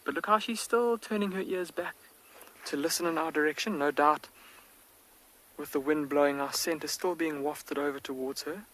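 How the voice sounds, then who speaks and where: Hushed man giving live safari commentary. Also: on the high side, normal speed, rough recording. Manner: hushed, near-whispered, excited. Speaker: safari field guide. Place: outdoors in an open safari vehicle. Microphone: close to the face.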